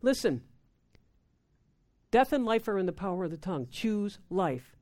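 A woman's voice: medium pitch, sing-song, moderate pace, dark tone. A woman giving an informal sermon, often repeating words and acting out quoted prayers. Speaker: preacher.

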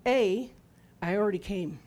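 A woman's voice: medium pitch, normal speed, a little mellow. A woman in her sixties preaching a sermon in a conversational testimony style, asking the listeners questions and acting out quoted words. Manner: acts out her own and God's words in quoted lines.

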